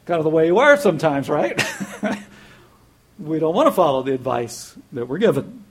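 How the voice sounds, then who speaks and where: A man's voice: medium pitch, very animated, fairly quick, husky. A man preaching a sermon in a conversational way, telling a joke, chuckling and repeating words as he goes.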